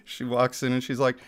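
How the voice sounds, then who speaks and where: A man streaming a mobile game from his home setup, chatting casually, getting excited and laughing often, into a desk microphone. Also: mid-range voice. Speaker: gaming streamer. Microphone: desk microphone picking up chair rumble.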